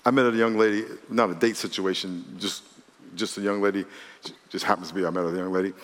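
A man, a pastor, preaching a sermon in an animated way, acting out quotes and laughing between points. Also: deep voice, quick pace, big-room sound. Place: church sanctuary.

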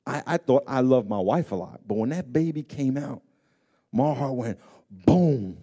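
A male pastor with a mellow, warm voice preaches a heartfelt sermon. He drops to a hushed, close tone, then rises to loud, pleading emphasis, and he repeats key phrases for weight. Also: medium pitch, lively intonation, unhurried, breathy edge. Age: adult parent of grown children.

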